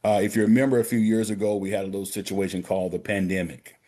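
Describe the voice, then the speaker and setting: During a prayer call, a male banker addresses the listeners as gentlemen and brothers in a practical talk about handling money. His voice sits on the low side, barely moves in pitch, and goes fast.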